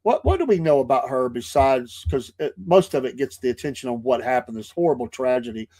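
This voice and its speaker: A man hosting an interview, asking questions in a halting way and repeating words as he goes. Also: medium pitch, animated, darkish tone. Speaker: interview host. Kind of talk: casual interview.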